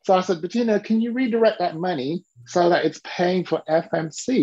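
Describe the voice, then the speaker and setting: A man and business mentor telling stories to an interviewer in an animated way, acting out the voices he quotes. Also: high voice, brisk, breathy edge, muffled recording. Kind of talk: storytelling to an interviewer.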